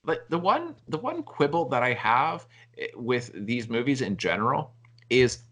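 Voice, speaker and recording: Bright-voiced casual podcast host, a man. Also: medium pitch, very animated, normal speed, husky. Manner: rambling, many fillers and restarts. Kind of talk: casual chat.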